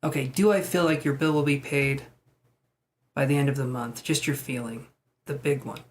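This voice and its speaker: A man's voice: medium pitch, steady tone, normal speed. A man giving tarot readings on a live stream, chatty and self-deprecating as he talks to viewers. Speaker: tarot reader.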